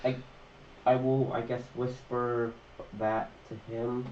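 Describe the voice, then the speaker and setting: A man playing a tabletop game, speaking hesitantly with halting restarts. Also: medium pitch, level tone, a little mellow, a little hiss or hum. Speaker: player. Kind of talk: casual tabletop game chat. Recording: distant, echoey, lo-fi.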